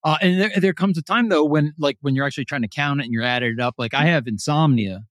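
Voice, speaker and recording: A man's voice: a little high, quick pace, fairly bright tone, dry recording, studio quality. A man on a podcast, chatting casually, blunt and crude in his jokes. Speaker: podcast guest.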